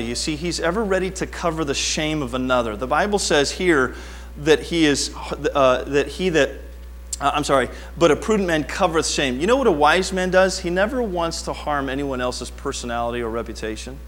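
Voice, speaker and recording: A middle-aged man preaching a sermon, telling stories with animated swings from quiet asides to near-shouting. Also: a little high, a little fast. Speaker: pastor.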